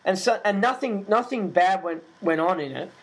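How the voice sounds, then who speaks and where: Ranting man, fairly high voice. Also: moderate pace, breathy edge, low-quality recording. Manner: animated, indignant, swears freely, many fillers. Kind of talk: casual ranting monologue.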